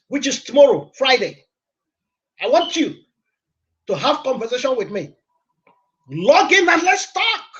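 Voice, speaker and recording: High-pitched guy preaching on the radio, pushy and repetitive, kinda muffled sound. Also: fairly bright tone. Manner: emphatic, repetitive, exhorting. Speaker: radio host and motivational preacher. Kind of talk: preaching broadcast.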